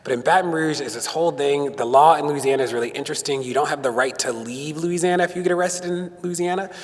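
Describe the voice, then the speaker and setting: A man's voice: a little high, fast. A man giving a conversational speech to an audience as guest speaker, telling stories and acting out quotes. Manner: storytelling with acted-out quotes. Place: synagogue hall. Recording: long hall reverb.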